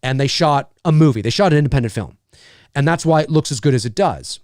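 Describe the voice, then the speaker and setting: Lively-voiced man chatting on a livestream. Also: on the high side, fast talker, no room sound, clean studio sound. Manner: rambling, laughs often, restarts lines. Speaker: livestream host. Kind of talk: casual live chat.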